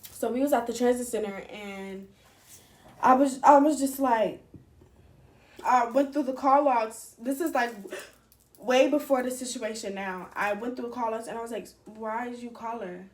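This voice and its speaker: A young woman telling a rambling, animated storytime with slang and cursing. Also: a little high, normal speed. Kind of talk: casual storytime. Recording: echoey room.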